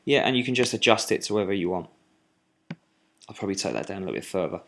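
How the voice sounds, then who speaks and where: A man giving a screen-recorded music software tutorial, talking while he clicks, with fillers and restarts. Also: sits low, expressive, very fast, creaky.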